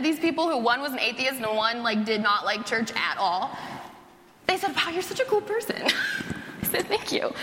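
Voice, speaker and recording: In a high-pitched, bright, forceful voice, a young woman who works at a church gives a sermon and tells a personal story, chatty and casual with plenty of "like." A little hiss or hum sits under the sound of the echoey hall.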